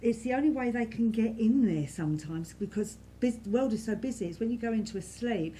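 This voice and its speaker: A woman serving as a spiritualist medium, speaking softly and reassuringly to a congregation in a church, repeating herself often. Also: on the high side, expressive, fairly quick, slight background noise. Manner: gentle, reassuring, repetitive, many "you know"s. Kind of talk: giving spirit messages to a congregation.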